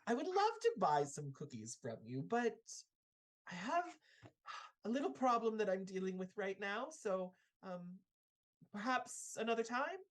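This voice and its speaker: A woman's voice: medium pitch, sing-song, a little slow, pitched above the performer's own voice. A woman voicing a sweet, genteel neighborhood lady who talks in doting endearments. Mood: sweetly doting. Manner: sugary, endearing.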